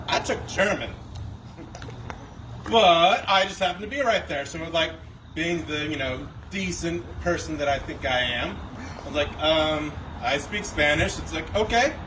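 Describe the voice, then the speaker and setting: Young man, stand-up comic, high voice, distant mic, loud background noise. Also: a little slow. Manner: conversational, self-deprecating storytelling. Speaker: stand-up comedian. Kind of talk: stand-up set.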